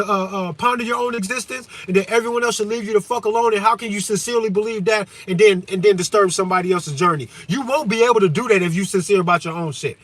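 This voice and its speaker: A man hosting a livestream, ranting to his viewers with plenty of profanity and halting fillers, dropping to low musing and then rising to loud shouting. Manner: heavy hesitation fillers.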